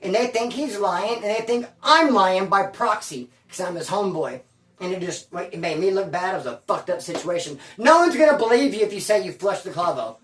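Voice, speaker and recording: A man's voice: high-pitched, animated, fairly quick, a bit bright, slight background noise. A man who served time, telling a prison story in casual street slang, swearing freely and acting out what people said. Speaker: former inmate storyteller. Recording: roomy echo, distant mic.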